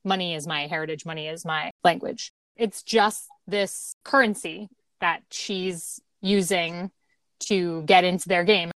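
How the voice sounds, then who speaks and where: A woman in a casual film discussion, making steady analytical points and often ending them with "right?". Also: fairly low pitch, a little slow, no room sound.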